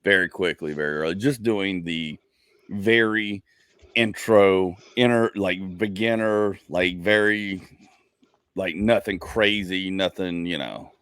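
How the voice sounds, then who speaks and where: A man's voice: low voice, takes it slowly, a bit bright, clear, resonant tone, no room sound, clean studio sound. A man in his forties hosting a casual comedy podcast, telling rambling stories full of "like" and acted-out asides. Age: 40s. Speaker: podcast host.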